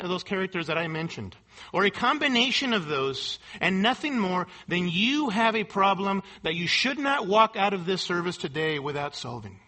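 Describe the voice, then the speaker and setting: Male pastor, high-pitched and forceful, emphatic sermon, rhetorical questions.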